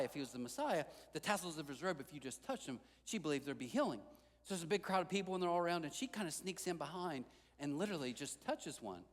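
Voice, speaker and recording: A man's voice: a little high, in a large hall. A male pastor preaching a sermon, telling stories and acting out the lines of the people in them. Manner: animated storytelling, acting out quotes. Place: large church hall.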